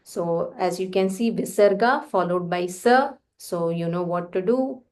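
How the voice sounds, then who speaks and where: Female chanting teacher, mid pitch, slow and careful, some ums. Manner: slow careful pronunciation drills with fillers. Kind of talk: Sanskrit chanting lesson.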